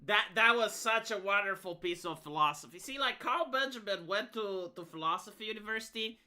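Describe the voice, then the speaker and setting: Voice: mid-range voice, a little fast, pushed and bright. A VTuber streamer giving live reaction commentary, rambling and stammering, with a sarcastic edge.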